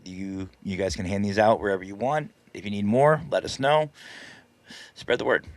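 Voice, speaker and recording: A man's voice: fairly low pitch, fairly even intonation, moderate pace, no room sound. A man hosting a live stream, casually telling a story in a chatty, self-deprecating way and laughing often. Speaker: paranormal team leader and live stream host.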